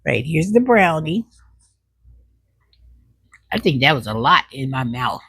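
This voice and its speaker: Woman, husky lower voice, unhurried folksy taste-test chatter, talks while chewing. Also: very animated, fairly bright tone, no echo. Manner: talks while chewing, savoring with drawn-out hums; folksy, says "child" as an aside. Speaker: vlogger doing a snack taste test. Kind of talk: casual chat to camera.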